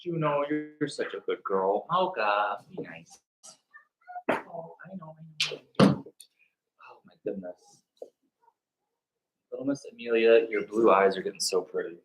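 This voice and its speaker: A man coaxing and praising dogs at home in a soft, gentle baby-talk manner. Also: medium pitch, animated, measured pace, pauses often, roomy sound, poor audio. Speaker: co-host, the breeder's partner. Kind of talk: talking to the dogs. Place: home, among the puppies and dogs.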